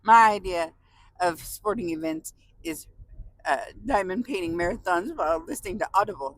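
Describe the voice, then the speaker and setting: A California woman vlogs casually to her viewers, gushing and emotional, often close to tears and laughing. Her voice is on the low side at normal speed, and the audio quality is poor.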